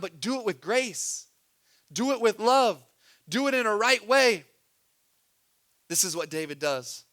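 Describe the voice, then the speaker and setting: A man preaching a sermon as a pastor. He swings between soft, low asides and loud, urgent pushes.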